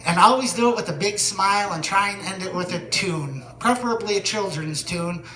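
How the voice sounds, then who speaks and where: A man performing a stand-up comedy set, telling deadpan stories that build to shouted punchlines. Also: high-pitched, a little fast, reverberant. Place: comedy venue stage.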